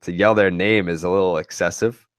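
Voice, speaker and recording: A man co-hosting a podcast in casual chat, talking haltingly with frequent restarts. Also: low voice, steady tone, no room sound, clean studio sound. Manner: halting, restarts often, laughs while joking. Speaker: podcast co-host.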